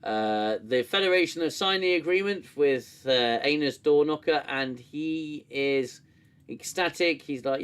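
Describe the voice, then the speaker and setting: Male host, slightly high voice, sarcastic, animated, swears freely on a casual review stream. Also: unhurried, clear, resonant tone. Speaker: show host reviewing an episode. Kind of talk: casual livestream review chat.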